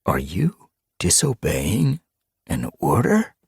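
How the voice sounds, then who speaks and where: A man's voice: lowish voice, expressive, slow pace, a little mellow, slightly rough, no echo, clean studio sound, pitched above the performer's own voice, full character voice. A man voicing a menacing, unhinged male cat who leads a clan, snarling cold threats in an audiobook. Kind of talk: audiobook character voice.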